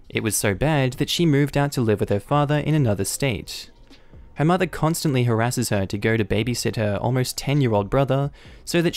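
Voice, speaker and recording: A man narrating online stories in a steady, matter-of-fact reading voice. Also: medium pitch. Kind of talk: scripted story narration.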